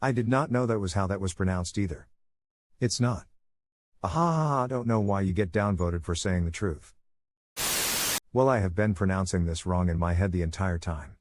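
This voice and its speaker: A man narrating a string of online comments in a steady scripted read. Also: deep voice. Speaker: narrator reading reddit comments.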